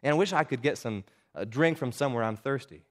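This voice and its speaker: A man's voice: medium pitch, expressive, fast, close to an everyday voice. A man doing a sullen schoolboy bully. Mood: grumbling.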